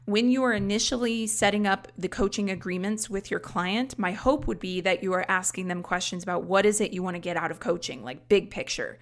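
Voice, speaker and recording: A woman talks through lessons in an instructional podcast, conversational and explanatory. Her voice has a gravelly, fry-tinged edge at a middle pitch. She often drops in casual asides as she teaches. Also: fairly quick, few pauses. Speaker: life coach trainer and podcast host.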